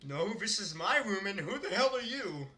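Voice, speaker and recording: A man's voice: high-pitched, big pitch swings, normal speed, sharp tone, far from the mic, exaggerated voice. A man voicing a scared, hot-tempered teenage boy who demands answers in a panicky, swearing way, while reading a visual novel aloud. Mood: shocked.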